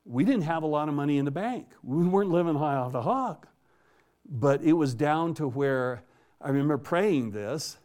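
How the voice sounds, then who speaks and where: This man's voice sits on the high side, with a darkish tone, lively intonation, and a moderate pace. As an interview guest, he shares a personal faith story in a folksy, plainspoken way, often chuckling and restarting his words, like a casual spoken testimony.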